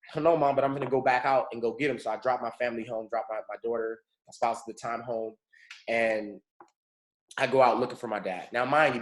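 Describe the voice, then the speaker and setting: A man from California leading a morning mentorship call, telling a personal story in an earnest, motivational way and often calling his listeners folks. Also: medium pitch. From Pomona, California. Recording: roomy echo.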